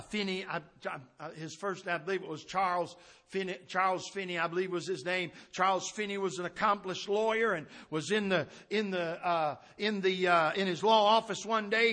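A man preaching a sermon, impassioned, swinging from shouted declarations down to quiet, low storytelling. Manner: impassioned, rising to shouts then dropping low.

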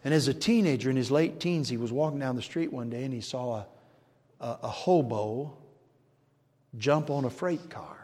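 Older preacher booming in a reverberant hall. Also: male voice, moderate pace. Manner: dramatic, swinging from shouts to hushed storytelling. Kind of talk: sermon. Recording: long reverb of a large hall.

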